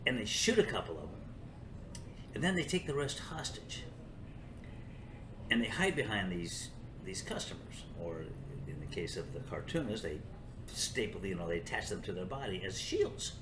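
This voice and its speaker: A man's voice: lowish voice, sing-song, moderate pace, reverberant, noisy background. An older man hosting his own show, talking in a sarcastic, rambling monologue that sometimes turns into talking to himself. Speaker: show host. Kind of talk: opinion monologue.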